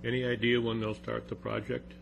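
A man serving as alderman, asking questions in a committee meeting in a halting way with repeated words. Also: medium pitch, level tone, vocal fry. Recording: noisy meeting room recording.

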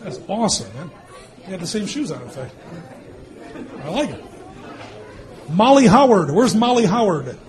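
Joking mayor, high voice, crowd behind. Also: male voice, big pitch swings, a little mellow. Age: born 1964, 50s or 60s. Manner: teasing, quick quips, laughs often. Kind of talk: joking with children at a public meeting. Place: meeting hall with an audience.

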